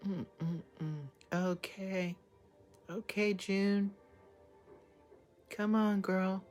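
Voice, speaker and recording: A woman's voice: medium pitch, steady tone, extremely slow, soft background music. A woman hosting a live reaction to a TV episode, talking emotionally and exclaiming at each scene. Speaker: show reaction host.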